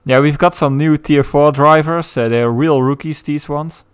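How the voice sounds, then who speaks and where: A man's voice: fairly high pitch, steady tone, normal speed, smooth. A man co-commentating an online racing stream, cracking jokes, laughing and reading out chat. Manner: joking, laughing, reads chat aloud. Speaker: race commentator. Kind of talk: casual sim racing commentary.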